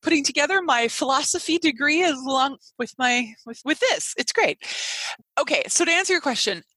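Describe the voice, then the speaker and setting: A woman co-hosting a casual chat, her voice sitting a touch high and bright. She is animated and laughs easily, stopping and restarting her thoughts as she goes. The sound is dry and close. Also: moderate pace, no echo, rough recording. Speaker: podcast co-host.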